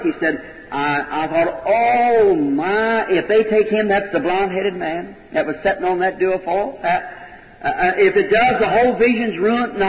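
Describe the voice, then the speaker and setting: A man preaching, telling a story in folksy sermon style and acting out people's words. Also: high voice. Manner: folksy storytelling, quotes people in changed voices. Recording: dull old recording, echoey hall, crowd.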